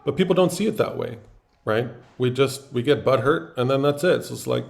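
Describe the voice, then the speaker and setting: A man's voice: mid-range voice, expressive, fairly quick, creaky. A man hosting a coaching call, speaking emphatically and acting out people's reactions. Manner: emphatic, acts out others' reactions. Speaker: coach and host.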